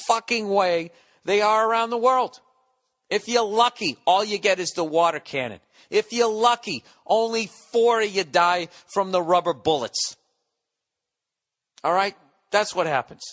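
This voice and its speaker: High, bright-voiced ranting man in his forties. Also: a little slow. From United States. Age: 40s. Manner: profane, sarcastic, ranting. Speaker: podcast host. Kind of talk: solo comedic rant.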